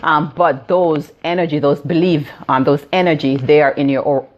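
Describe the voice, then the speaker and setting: Jamaican woman in her fifties, low and muffled, explanatory, lots of fillers, phone live stream. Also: fairly even intonation, moderate pace. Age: 50s. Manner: explanatory, many fillers and "right?" check-ins. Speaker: theta healing practitioner. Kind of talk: live-stream teaching talk.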